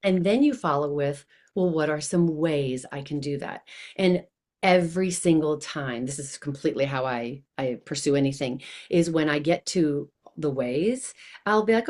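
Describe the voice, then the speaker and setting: A woman guest on an interview show, talking in an animated, enthusiastic way and acting out the voices she quotes. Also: lowish voice, moderate pace. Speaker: guest, coach. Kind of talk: casual interview chat.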